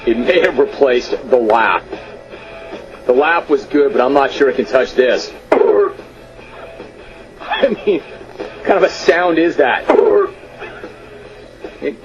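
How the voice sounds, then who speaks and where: A man hosting a radio sports talk show, reading listener emails aloud with amused disbelief and drawn-out emphasis. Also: mid-range voice, lo-fi sound. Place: radio studio.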